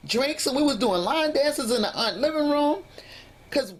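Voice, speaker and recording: A woman vlogger telling a personal story in an animated, emphatic way, acting out what people said. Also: high voice, normal speed. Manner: animated, emphatic retelling with acted-out quotes. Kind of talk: casual storytelling vlog.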